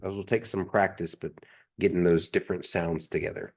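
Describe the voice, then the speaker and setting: A man's voice: low voice, level tone, brisk, a little mellow. A man teaching a language class, patiently repeating each sound three times in a pronunciation drill.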